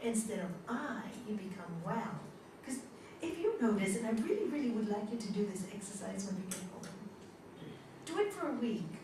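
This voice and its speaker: A woman's voice: medium pitch, fairly quick, recorded from a distance, noisy background. Woman teacher in an echoey hall. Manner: storytelling, animated, laughs often. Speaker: yoga teacher. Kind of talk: spiritual talk to a class. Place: large hall.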